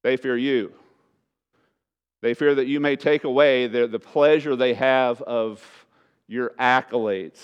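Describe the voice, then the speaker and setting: A man's voice: a little slow, clean tone. A male pastor preaching a sermon in a church, speaking with emphasis and repeating his key phrases. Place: church sanctuary. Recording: dull low-fidelity church recording.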